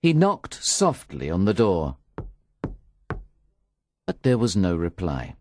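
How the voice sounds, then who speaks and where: A man narrates a story slowly in a low voice. His pitch rises and falls expressively. The recording is dry and close. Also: huge pitch swings, a little mellow, slight background noise. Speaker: audiobook narrator. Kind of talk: scripted narration.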